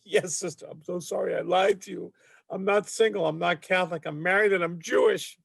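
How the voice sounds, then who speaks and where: A man's voice: medium pitch, expressive, fairly quick, a little mellow, no room sound, studio quality, voice pushed up, lightly acted. A man voicing a guilty, pleading cab driver while telling a joke. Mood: sobbing.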